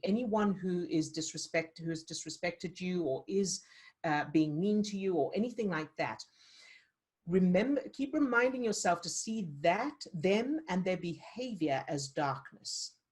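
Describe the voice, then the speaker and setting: A woman coaching a live online session, talking earnestly and encouragingly, with frequent restarts. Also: fairly low pitch. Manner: earnest, encouraging, many restarts and "you know". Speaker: emotional fitness coach. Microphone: video call.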